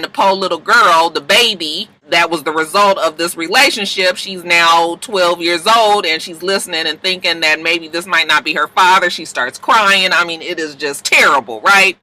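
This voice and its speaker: A man's voice: sits high, pushed and bright, low-quality recording. A man recapping TV episodes in a sassy, gossipy, dramatic casual chat. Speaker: TV recap vlogger.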